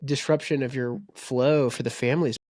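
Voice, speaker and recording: A man co-hosting a podcast in relaxed chat, with many "you know"s and "right"s. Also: mid-range voice, fairly quick, dry recording, studio quality. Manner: chatty, full of fillers like "you know" and "right". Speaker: podcast co-host. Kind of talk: casual chat.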